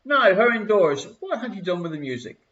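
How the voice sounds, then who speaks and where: A man's voice: high-pitched, very animated, fairly quick, a bit bright, highs cut off. An Irish man hosting a live online quiz from his living room, reading questions and answers with a jokey, chatty manner. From Ireland. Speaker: quiz show host.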